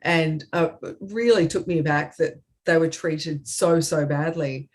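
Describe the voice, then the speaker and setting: A woman's voice: low voice, measured pace. Earnest woman telling a story. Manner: earnest, hesitant, with many ums and soft laughs. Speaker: comedy show co-host. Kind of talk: casual storytelling chat. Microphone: video call.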